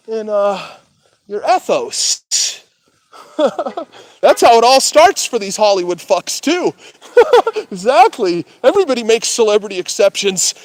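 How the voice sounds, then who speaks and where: A man's voice: very high-pitched, no echo. A man vlogging in a casual rant, crude and full of swearing, with laughs between remarks. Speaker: street vlogger.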